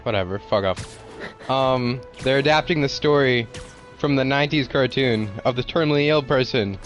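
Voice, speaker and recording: A man's voice: mid-range voice, normal speed, faint music behind. A man casually recapping a show as a podcast co-host, rambling and repeating his words, with some swearing.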